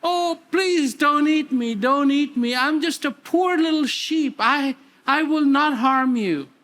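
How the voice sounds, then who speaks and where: A man's voice: extremely high pitch, very animated, unhurried, fairly bright tone, pitched above the performer's own voice, exaggerated voice. A man voicing a frightened young lion cub who thinks he is a sheep, pleading frantically and repeating himself.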